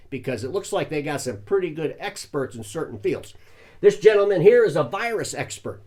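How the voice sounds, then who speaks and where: An older man hosting a satirical news show, talking in a folksy, mock-earnest way with chuckling asides. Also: high voice. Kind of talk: deadpan satirical news monologue.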